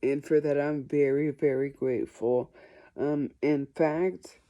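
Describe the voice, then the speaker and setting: A woman's voice: sits low, steady tone, takes it slowly, dark tone, highs cut off. A woman answering viewer questions in a casual vlog, chatty and self-deprecating.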